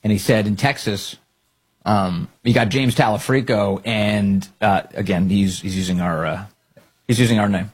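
A man's voice: fairly low pitch, normal speed, husky. Sarcastic man hosting political commentary. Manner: sarcastic, mocking, laughs often.

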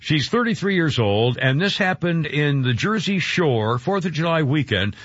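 Guy on talk radio ranting, lots of uhs, kinda husky, dry and lo-fi. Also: on the high side, lively intonation, moderate pace, fairly bright tone, no room sound. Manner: indignant, rambling, filler-heavy. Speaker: radio talk show host. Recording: dull lo-fi radio broadcast.

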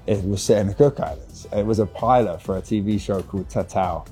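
A man's voice: lowish voice, fairly quick, soft background music. A young adult man, an actor guest, chatting casually and rambling with easy laughs in a bar. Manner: relaxed, rambling, laughs easily. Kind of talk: casual interview chat.

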